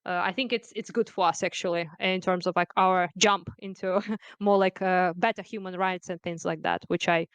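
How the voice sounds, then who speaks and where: A woman's voice: fairly low pitch, fairly even intonation, moderate pace, clean tone, dry recording. Chatty young woman from Ukraine. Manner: chatty, laughs often, many fillers. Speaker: guest. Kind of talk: casual conversation.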